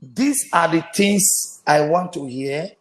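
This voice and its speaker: A man hosting a commentary show, repeating his points slowly and emphatically to viewers. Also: a little high. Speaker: host. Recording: echoey room.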